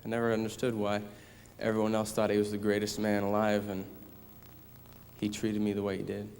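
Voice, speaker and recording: A young man in his twenties giving a somber personal testimony at church, measured and steady. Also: fairly low pitch, a little hiss or hum. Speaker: son giving a church talk. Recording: reverberant church hall.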